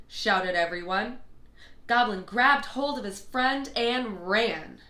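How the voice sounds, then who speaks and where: A woman reading a children's bedtime storybook aloud in an expressive, lilting way. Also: mid-range voice, takes it slowly. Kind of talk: read-aloud storybook narration. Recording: echoey room.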